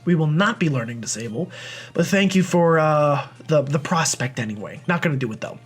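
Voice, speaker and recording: Young guy rambling through a game playthrough, high voice, jokey and self-deprecating. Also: expressive, a little fast, slightly rough, soft background music. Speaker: let's play host. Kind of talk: game commentary.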